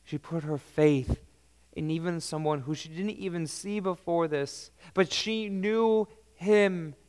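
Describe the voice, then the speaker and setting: High-voiced, slow, emphatic male preacher. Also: clear, resonant tone, long reverb tail. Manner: emphatic, swings between loud declarations and soft low lines. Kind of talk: sermon.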